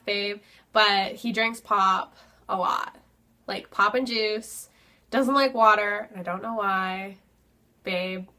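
A woman's voice: mid-range voice, bright, forceful tone. A young woman vlogging to camera in casual chat, filling her talk with "like" and "um" and retelling things with animation. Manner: chatty, filler-heavy with lots of "like" and "um".

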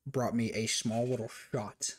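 A man in his twenties casually telling a funny story as a streamer, animated and profane, laughing as he talks. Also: medium pitch, measured pace, a crowd in the background.

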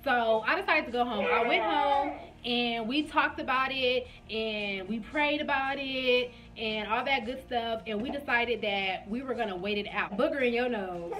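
A woman's voice: on the high side, measured pace. A young woman vlogger chatting through a personal storytime, talking straight to her viewers and acting out what others said. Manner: chatty, addresses viewers directly; animated retelling with quoted dialogue. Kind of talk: casual storytime vlog.

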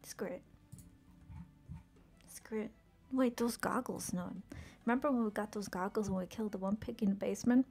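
A woman streams a video game, chatting casually with her viewers, reading their messages aloud and responding. She swears often and exclaims in frustration when things go badly. Her mid-range voice is creaky and darkish, her pace moderate, with faint music behind her.

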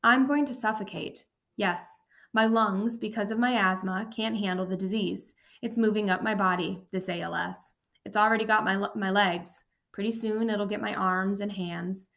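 A woman reading an audiobook and voicing an old, dying male professor who speaks gently and accepts his fate. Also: medium pitch, steady tone, creaky. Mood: resigned. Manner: gentle, measured, unhurried. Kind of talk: audiobook narration.

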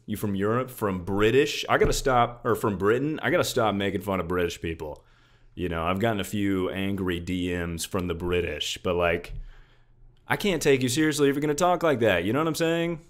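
A young man streaming from his room at home, loud and jokey, thanking viewers by name in casual chat. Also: on the low side.

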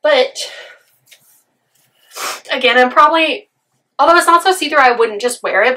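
Raspy, bright-voiced woman vlogger, gushing. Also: fairly high pitch. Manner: gushing, effusive. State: hoarse from a cold. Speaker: fashion vlogger. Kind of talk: casual try-on haul vlog.

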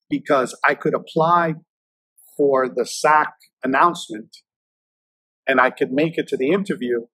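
A man's voice: mid-range voice, fairly bright tone, no room sound, low-quality recording. A man in his fifties, a federal agent guest telling stories casually in an interview, with a loose, filler-heavy way of talking.

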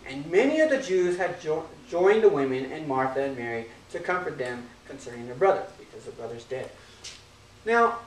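A man's voice: medium pitch, slight background noise. Pastor, male, easygoing conversational sermon delivery, joking asides, roomy hall sound, mic at a distance. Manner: casual, conversational preaching with jokes and asides.

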